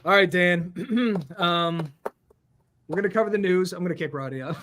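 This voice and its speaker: A man's voice: high voice, normal speed, a bit bright, a little hiss or hum. A middle-aged American man hosting a casual comedic talk show over a video call, full of joking, self-mocking asides. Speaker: podcast host.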